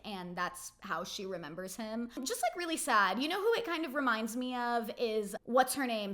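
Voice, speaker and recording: A woman in her twenties giving a casual, animated reality TV recap, full of rhetorical questions and "like" fillers. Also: a little high. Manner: heavy use of "like" fillers. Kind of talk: casual chatty episode recap.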